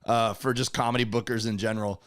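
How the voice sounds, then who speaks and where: A man's voice: on the low side, little pitch movement, a crowd in the background. Male co-host chiming in with jokes. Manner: brief agreeing interjections and quick jokes. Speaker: comedian podcast co-host. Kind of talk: casual chat.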